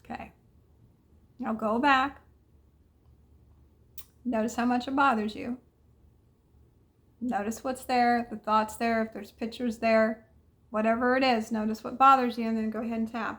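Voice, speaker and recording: Higher-voiced woman guiding a tapping session. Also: little pitch movement, a little slow, long pauses, a bit bright. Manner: soothing, repetitive guiding affirmations. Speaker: mentor leading a tapping exercise.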